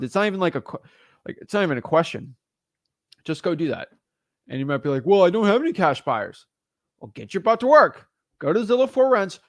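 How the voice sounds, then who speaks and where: A man who lives in Florida teaching real estate wholesaling in a blunt, energetic, casual way, repeating himself often. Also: on the high side, no echo, studio quality.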